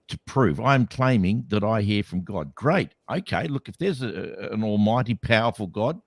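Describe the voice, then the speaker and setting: A man's voice: mid-range voice, no room sound. A man co-hosting a podcast, talking skeptically in a casual debate with many restarts. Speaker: podcast co-host.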